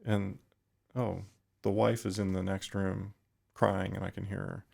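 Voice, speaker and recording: A middle-aged man, a retired firefighter, talking thoughtfully in a podcast interview, pausing and restarting often. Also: deep voice, little pitch movement, creaky, mellow. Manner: thoughtful, halting with frequent restarts.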